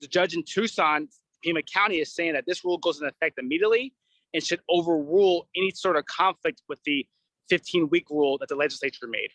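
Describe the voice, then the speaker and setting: A man's voice: a little high, quick pace, a bit bright, no room sound, poor audio. A man, an attorney, explaining a legal process confidently in an interview.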